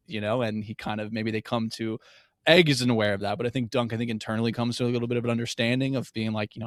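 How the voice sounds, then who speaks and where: Speaking fast at medium pitch, a man co-hosting a podcast casually and thoughtfully recounts a TV episode's scenes, sprinkling in hedging fillers. The recording is dry and studio quality.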